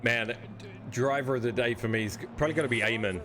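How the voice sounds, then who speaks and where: A man who calls himself a tired old man, casting a sim racing broadcast in a relaxed, chatty way. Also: mid-range voice, quick pace, a crowd in the background. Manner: relaxed, yawning and laughing. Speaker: race caster.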